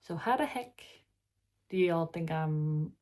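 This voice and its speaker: A woman's voice: low voice, animated, a little slow, darkish tone. Tired Irish woman, rambling chatty vlogger. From Ireland. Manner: chatty, rambling, with wry asides. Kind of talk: casual reaction vlog, reading posts aloud.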